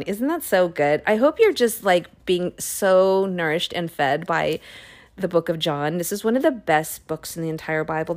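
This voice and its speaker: A woman hosting a Bible podcast, retelling a chapter in a casual, animated way with playful, sassy asides. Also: fairly low pitch. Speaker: podcast host reading and discussing the Bible.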